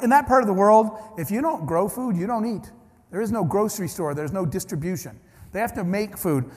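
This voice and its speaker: A man with a fairly high voice delivers a keynote to a large audience, acting out each exchange of his story. His voice rings with a long hall reverb. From Ohio, United States. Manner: animated storyteller acting out dialogue. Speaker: keynote speaker.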